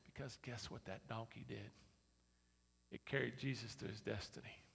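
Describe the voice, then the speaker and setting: A man preaching a sermon as a pastor, in a lively, conversational and repetitive way. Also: mid-range voice, normal speed, gravelly. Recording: reverberant hall.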